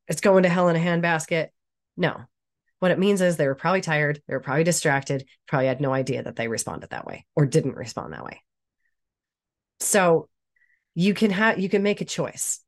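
A woman giving a blunt, casual motivational talk, swearing freely and laughing often. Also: fairly low pitch. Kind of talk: motivational monologue.

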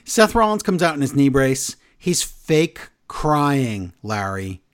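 Male podcast host, lively pitch swings, casual chat, excited recapping. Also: slow pace. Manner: animated, recaps show quoting wrestlers in excited bursts.

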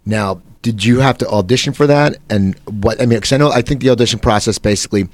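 A man's voice: lowish voice, no room sound. A man hosting an interview, asking eager follow-up questions. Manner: enthusiastic, quick follow-up questions. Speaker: podcast host. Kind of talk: conversational interview.

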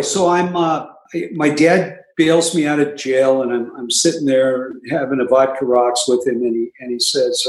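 A man casually telling his recovery story, with wry, self-mocking humor and frequent asides. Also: medium pitch. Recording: echoey room.

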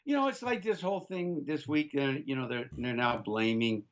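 A man's voice: medium pitch, normal speed, lo-fi sound. An older man co-hosting a talk radio show, making emphatic political points to listeners and stumbling through frequent restarts. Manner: emphatic, restarts often, addresses listeners as folks. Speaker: radio co-host. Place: remote location, off-site from studio.

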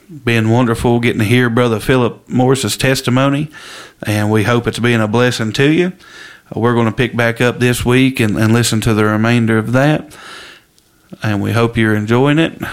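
A man hosting a faith podcast, introducing the episode in a halting way with frequent fillers. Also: mid-range voice. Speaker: podcast host.

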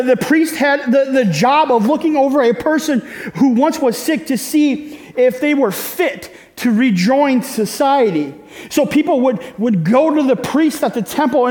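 Male pastor, very high voice, unhurried delivery, chatty preaching with rhetorical asides. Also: a little mellow, big-room sound. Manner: conversational preaching with rhetorical questions. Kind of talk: sermon.

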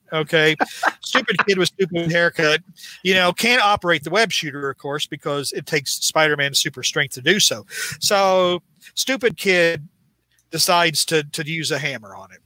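A man with a bright, fairly high voice rambles through a comic recap, often exasperated and piling up restarts. The sound is dry and close to the mic. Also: moderate pace, no room sound. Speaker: podcast host recapping a comic. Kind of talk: casual chat.

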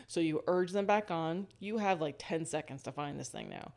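A woman hosting a casual storytelling monologue, lively, laughing often and walking the listener through a scene. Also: on the low side, brisk, hardly any pauses.

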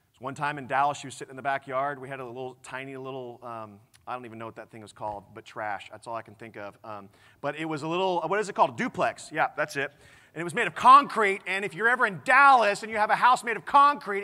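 A man preaching a sermon as pastor, animated and conversational, full of rhetorical questions to the congregation. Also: a little high. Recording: long hall reverb.

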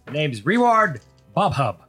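A man's voice: on the high side, sing-song, measured pace, fairly bright tone, slightly rough, soft background music, pitched above the performer's own voice, heavily acted. A man putting on a tiny pompous nobleman. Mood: haughty. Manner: haughty, dismissive. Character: tiny arrogant male noble, pompous and impatient.

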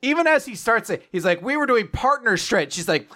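Lively, bright-voiced man recapping an anime. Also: extremely high pitch, a little fast, few pauses. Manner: animated, laughing, acts out character lines. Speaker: podcast co-host. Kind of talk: casual anime recap chat.

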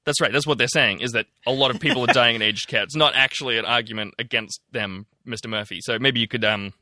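Bright-voiced man, dry mic. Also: mid-range voice, fast, dry recording. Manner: chatty, sarcastic, hesitant with ums. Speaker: podcast co-host. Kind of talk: casual news chat.

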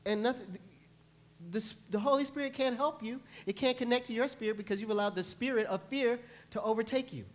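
A male pastor preaching a sermon, telling lively stories and acting out panicked voices. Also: very high voice, brisk. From New York. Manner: animated storytelling, acts out panicked voices. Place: church.

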